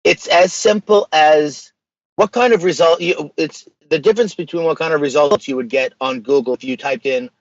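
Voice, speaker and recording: Recorded dry and lo-fi, a slightly high-voiced man talks at normal speed as a podcast guest. He creates a social media page and speaks emphatically and casually, dropping slang throughout this relaxed interview.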